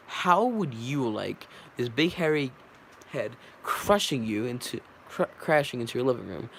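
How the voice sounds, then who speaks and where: A brash young bee lawyer presses his questions, as a man reads him aloud. The reading trips over words and restarts often, in a voice of middling pitch. A faint hiss sits behind it. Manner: stumbling reading with slips.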